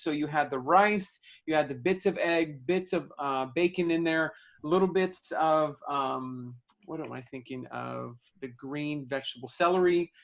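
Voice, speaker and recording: A man who is a podcast guest, talking casually and hesitantly, often pausing to search for words. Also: on the high side. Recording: dull lo-fi sound.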